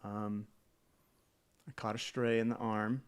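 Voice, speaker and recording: A man's voice: lowish voice, level tone, takes it slowly, clean tone. A man streaming live in a casual chat, greeting viewers by name, rambling with hesitant fillers and self-deprecating jokes.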